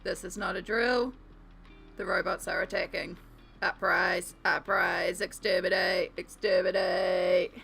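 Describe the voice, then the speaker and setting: A woman's voice: lowish voice, steady tone, a little slow, gravelly, fairly bright tone, faint music behind. A woman putting on a jokey robot voice, her speech wobbling from a back massager, in mock-announcer style. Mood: mock alarm.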